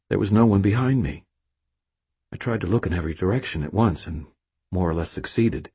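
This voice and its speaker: A man reads a first-person novel in a low, deep voice that is strikingly clear and smooth. His intonation rises and falls with lively energy. The telling is wry and self-mocking. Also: brisk. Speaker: audiobook narrator.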